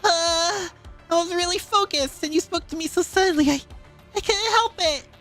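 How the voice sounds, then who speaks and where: A woman doing a squeaky, stammering machine-geek girl. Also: normal speed, fairly bright tone, faint music behind. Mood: flustered. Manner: stammering, nervous. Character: shy stammering engineer girl, machine-obsessed.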